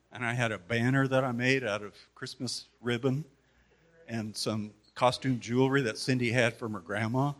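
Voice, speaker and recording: A man giving a memorial tribute to a gathering, telling stories about the one remembered with pauses and restarts. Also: mid-range voice, fairly even intonation, a bit bright. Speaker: community member giving a tribute.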